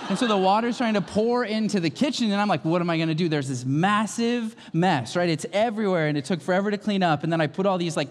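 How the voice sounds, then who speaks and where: A male pastor in his thirties preaching a sermon, with lively storytelling that swings from calm to loud. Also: a little high. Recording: long hall reverb.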